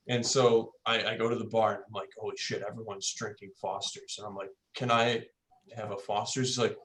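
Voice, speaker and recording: A man's voice: mid-range voice, fairly bright tone. A man on a video call with friends, telling a rambling, profane story in casual chat.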